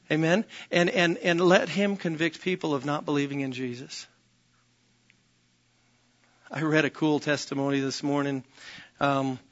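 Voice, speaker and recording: A pastor preaches a sermon emphatically, repeating phrases and often calling out "Amen?" to his congregation. His voice is a little high and a bit bright, and the audio is dull.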